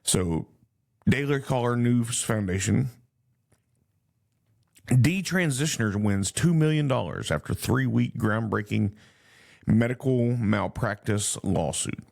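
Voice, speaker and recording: A man's voice: medium pitch, expressive, slow, vocal fry, long pauses, a little mellow. A man hosting a solo podcast, reading news headlines aloud and commenting on them indignantly, with frequent fillers and restarts. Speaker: podcast host.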